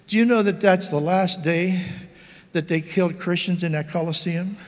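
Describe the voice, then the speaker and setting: A man's voice: high-pitched, steady tone, normal speed, in a large hall. An older man preaching an impassioned sermon, exhorting his listeners with lots of repetition. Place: church hall.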